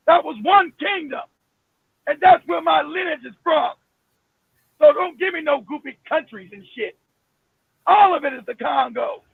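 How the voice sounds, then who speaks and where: A man hosting a live stream, ranting with emphasis and profanity, often shouting and repeating himself. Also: very high voice, normal speed, vocal fry, pauses often, no room sound. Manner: repeats himself, many restarts. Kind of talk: heated live-stream rant. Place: home in Florida. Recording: phone-like, dry, narrow sound.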